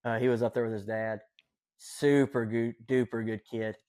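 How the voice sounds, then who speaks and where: A man's voice: medium pitch, little pitch movement, moderate pace, a little mellow, dry recording. A man with a Southern Appalachian accent, telling stories as a podcast guest in an enthusiastic, folksy way. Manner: enthusiastic, folksy, lots of fillers. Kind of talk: casual storytelling chat.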